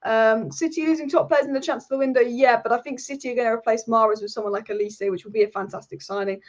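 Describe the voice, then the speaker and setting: Young woman, football stream host, chatty, repeats herself, slightly high voice, somewhat dull lo-fi sound. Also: fairly even intonation, quick pace. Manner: chatty, repeats phrases, frequent ums. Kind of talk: casual live-stream commentary.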